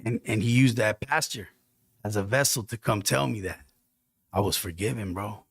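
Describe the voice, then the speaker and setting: A man's voice: lowish voice, normal speed, gravelly, husky, no room sound, clean studio sound. A man telling a heartfelt personal story on a podcast in casual, slang-filled speech. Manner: earnest, heartfelt testimony with street slang.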